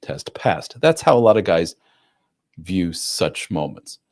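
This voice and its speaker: Deep-voiced blunt man on a livestream. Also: big pitch swings, slow, darkish tone. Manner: blunt, acts out quoted voices, fillers like "blah, blah". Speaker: livestream host answering chat. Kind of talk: casual live chat monologue.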